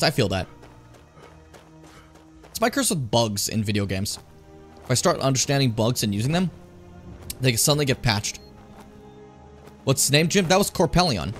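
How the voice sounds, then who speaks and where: Animated joking male game streamer. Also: mid-range voice. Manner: animated, joking, talks to chat. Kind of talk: casual gameplay commentary.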